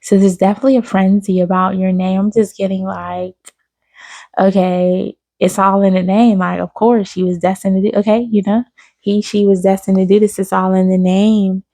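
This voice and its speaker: A woman's voice: mid-range voice, level tone, moderate pace, warm tone, no echo. A woman giving an intuitive spiritual reading to her viewers, affectionate and repetitive, calling the listener baby. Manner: affectionate, addresses listener as baby, repeats phrases. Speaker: spiritual reader on her own channel.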